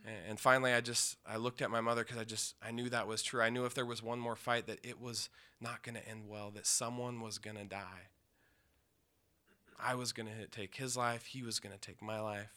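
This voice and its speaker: A man from the Pacific Northwest telling an emotional personal story, intense, with pauses and restarts. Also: mid-range voice, steady tone, sharp tone, smooth. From Yakima, Washington, USA.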